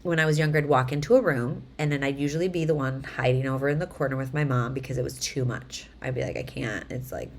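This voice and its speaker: A woman in her thirties, a mother, talking casually to camera in a chatty, animated way, acting out quotes as she tells stories. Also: very deep voice, fast talker, few pauses. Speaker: vlogger.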